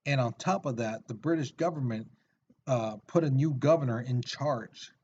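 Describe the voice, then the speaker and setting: A man's voice: mid-range voice, moderate pace, a little mellow, muffled recording, a little hiss or hum. A male teacher giving a recorded video lesson in a casual, chatty way with lots of fillers.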